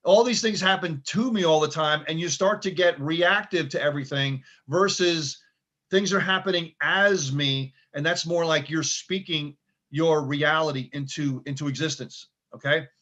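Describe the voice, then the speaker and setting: A middle-aged man with a slightly high-pitched voice gives a motivational talk. He speaks in a loose, conversational way, often checking in with "okay" and "right". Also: moderate pace, fairly bright tone.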